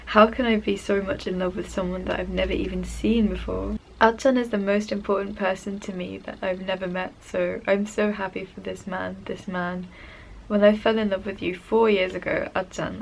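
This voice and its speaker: A woman's voice: mid-range voice, gravelly, a little hiss or hum, low-quality recording. A young woman talking in a personal diary vlog, gushing and emotional as she rambles about a musician she adores. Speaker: fan vlogger.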